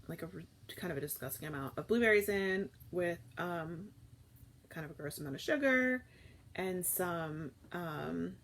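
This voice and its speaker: Mom in her 30s rambling on a live morning chat, kinda husky, lots of ums and restarts. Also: on the low side, animated, normal speed, fairly bright tone. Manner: rambling, chatty, many fillers and restarts. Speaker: food vlogger hosting a live morning chat. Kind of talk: casual live-stream chat.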